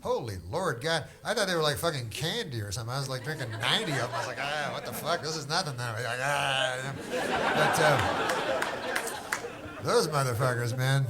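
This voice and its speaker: A middle-aged man from Canada doing stand-up crowd work, with rambling, deadpan, drawling storytelling. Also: mid-range voice, a little fast. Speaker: stand-up comedian. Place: comedy club stage. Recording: live club set with a loud crowd. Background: audience laughter.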